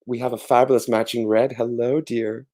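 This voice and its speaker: A man's voice: mid-range voice, level tone, moderate pace, warm tone. A man hosting a casual livestream from home, effusive and theatrical, talking into a webcam mic. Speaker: livestream host.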